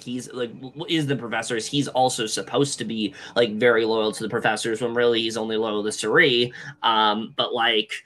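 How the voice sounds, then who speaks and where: A man's voice: medium pitch, a bit bright. A young man co-hosting a podcast, recapping a reality show in casual, rambling chat full of fillers. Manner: rambling, many fillers and restarts. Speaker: podcast co-host.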